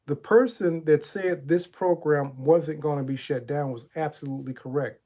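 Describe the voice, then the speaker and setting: A man's voice: on the high side, normal speed, few pauses, mellow. A middle-aged man, a motivational coach and channel host, giving a spiritual talk in a preacherly storytelling way, retelling Bible stories and asking rhetorical questions.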